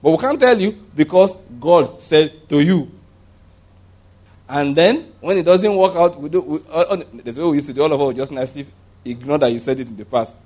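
A man preaching, his voice sitting a little high for a man. He keeps the sermon conversational and humorous, chuckling along. He jumps up sharply in pitch to stress a point. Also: fairly quick. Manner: animated, jumping up in pitch for emphasis.

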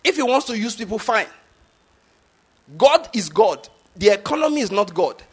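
Nigerian male pastor, 50s, high-pitched, emphatic sermon delivery with repeated questions to the congregation. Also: expressive, fast talker, breathy edge.

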